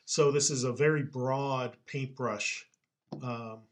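A man explaining scripture in a casual Bible-study chat, patient and explanatory, quick to laugh. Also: mid-range voice, steady tone.

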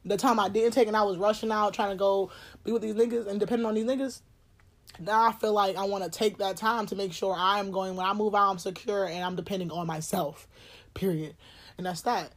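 A woman's voice: mid-range voice, brisk. Blunt young woman telling a story. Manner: animated and blunt, swears, laughs often, addresses listeners as y'all. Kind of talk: casual storytime chat.

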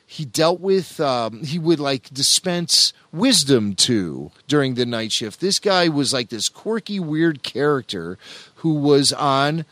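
A man's voice: mid-range voice, very animated, slow, fairly bright tone, dry recording. A man co-hosting a podcast in a playful, jokey casual chat, laughing often. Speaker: podcast co-host.

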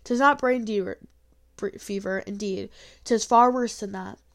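A woman's voice: mid-range voice, unhurried, natural voice. A woman reading aloud, voicing a stern, harsh-voiced old woman healer who scolds curtly. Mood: grave. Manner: scolding, curt.

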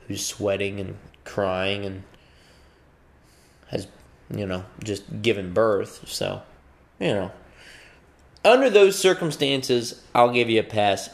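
Animated, profane man ranting comically. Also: lowish voice, creaky. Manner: profane, animated, acts out voices mid-rant. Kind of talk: comedic rant.

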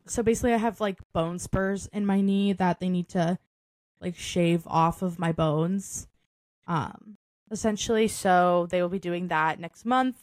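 A woman's voice: medium pitch, no room sound. A young woman co-hosting a podcast in casual chat, loose and talkative, with lots of "like" and "um" fillers and frequent laughter. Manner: chatty, full of "like" and "um" fillers, laughs often. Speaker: podcast co-host.

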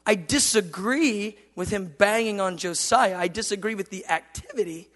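A man in his thirties preaching a sermon, moving between loud passionate declarations and soft, tender storytelling. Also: sits high, moderate pace, few pauses. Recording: long hall reverb.

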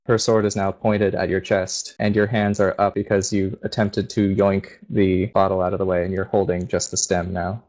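A man with a low voice runs a tabletop game as game master. He narrates scenes in a steady, descriptive way. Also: moderate pace, hardly any pauses, low-quality recording.

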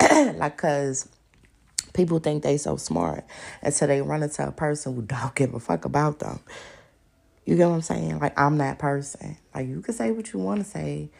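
A woman's voice: low-pitched, vocal fry, slightly rough. A woman hosting a podcast, talking bluntly and with profanity in a casual monologue, often laughing as she tells stories. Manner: animated storyteller. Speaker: podcast host.

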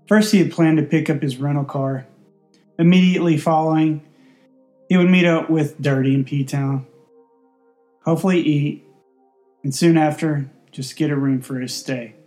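A man reads a story aloud in a steady, deadpan manner. His voice is mellow and dark-toned, with faint music behind him. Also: fairly high pitch, a little slow, pauses often. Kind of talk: storybook narration.

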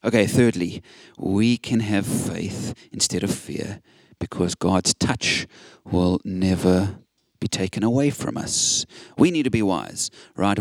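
A man's voice: low voice, no room sound. A man preaching a sermon, earnest and encouraging, quoting scripture with emphasis.

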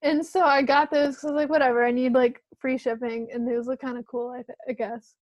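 A woman's voice: high voice, little pitch movement, fairly quick, no echo, lo-fi sound. A young woman chatting casually, telling stories full of "like" and laughing often. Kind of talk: casual chat.

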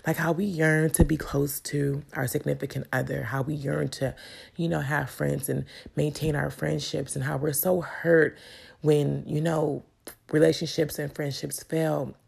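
A woman's voice: deep voice, little pitch movement, unhurried, creaky, a little mellow, slightly rough. A woman giving an earnest, emotional faith testimony straight to her viewers. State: tearful at times. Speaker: vlogger sharing a testimony.

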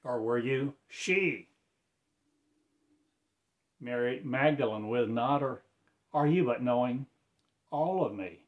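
Slow, incantatory man's spoken-word voice. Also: mid-range voice, dull audio. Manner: fragmented, incantatory, preacher-like phrasing.

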